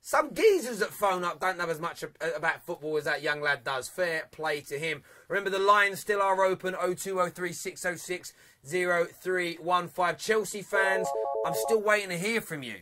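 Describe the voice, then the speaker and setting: A young man hosts a live football phone-in, chatting with callers and reading out viewer comments. His voice sits high and sounds bright and forceful, and he laughs loudly and often. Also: moderate pace. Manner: reads viewer comments aloud. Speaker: phone-in show host.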